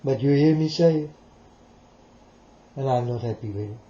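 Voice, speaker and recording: Heard on a dull, roomy lo-fi recording, this man preaches directly at his audience in a rambling monologue, circling back over the same points. His voice sits in the mid-range, mellow, at a normal speed.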